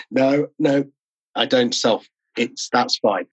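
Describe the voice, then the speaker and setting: Guy on a video call, husky lowish voice, dry dull sound, keen to explain. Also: no echo. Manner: enthusiastic, explanatory, quick asides. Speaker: podcast host and interview guest. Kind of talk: casual interview talk.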